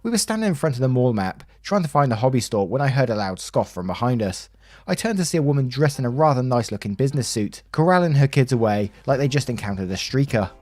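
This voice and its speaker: Guy reading reddit-style stories, medium voice, chatty and wry, soft music under. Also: medium pitch, sing-song, fast talker, no room sound. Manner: conversational, wry asides. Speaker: story narrator. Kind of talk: reading online stories aloud. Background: faint background music.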